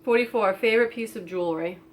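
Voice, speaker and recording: A woman's voice: medium pitch, fast talker, music in the background. A young woman vlogging a casual question-and-answer video, reading each question aloud and answering off the cuff with lots of fillers. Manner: rambling, with many fillers.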